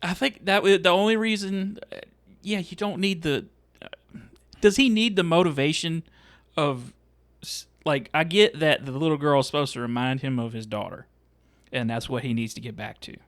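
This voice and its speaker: A man co-hosting a casual movie podcast, slowly working through his points with many restarts. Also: a little high, fairly bright tone, no echo. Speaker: podcast co-host. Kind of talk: casual movie review chat.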